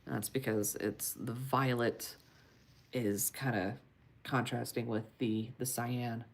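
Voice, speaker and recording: A woman artist talking viewers through a marker drawing on a casual livestream, unhurried and encouraging, often muttering asides under her breath. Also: extremely low pitch, steady tone. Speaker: comic artist streaming a marker demo. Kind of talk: casual livestream art tutorial.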